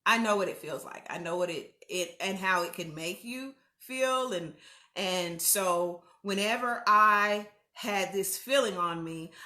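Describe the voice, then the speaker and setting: A woman's voice: medium pitch, sharp tone, roomy sound. A woman hosting a casual livestream, candid and chatty, speaking straight to her viewers. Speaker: host.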